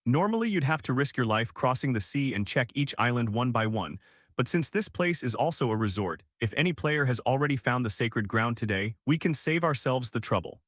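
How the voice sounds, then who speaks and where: A man's voice: medium pitch, lively intonation, brisk, fairly bright tone, dry recording, studio quality. A man voicing a stern, irritable young male guildmate in a recap story, read plainly.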